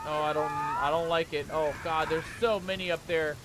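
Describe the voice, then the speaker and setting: High-voiced jumpy gaming man. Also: steady tone, moderate pace, noisy background. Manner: calls viewers "mateys", pirate slang; jumpy, panicky yelps when scared. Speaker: gaming channel host. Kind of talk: let's play commentary.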